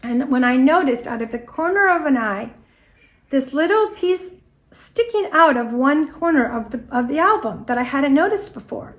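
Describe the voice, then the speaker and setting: An American woman in middle age tells a story in an animated, anecdotal way, briefly acting out what people said. Her voice sits a little high for a woman. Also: normal speed. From United States. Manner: lively anecdotal storytelling, with quoted dialogue. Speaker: guest speaker on antique doll history. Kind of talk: storytelling presentation.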